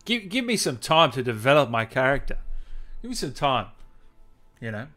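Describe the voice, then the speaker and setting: A man's voice: mid-range voice, big pitch swings, normal speed, sharp tone. A man hosting a gaming livestream interview, chatting casually, reading out viewer comments and laughing often.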